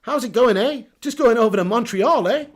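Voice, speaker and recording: A man's voice: very high-pitched, animated, brisk. A man putting on a Canadian accent as a chirpy, friendly guy. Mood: cheery. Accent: attempted Canadian. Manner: chirpy, ends lines with "eh".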